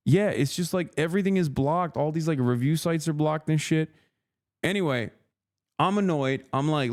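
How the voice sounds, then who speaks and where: A man's voice: on the high side, a little slow, pauses often. A man in his thirties, a streamer telling a long, profane, exasperated story in casual livestream chat.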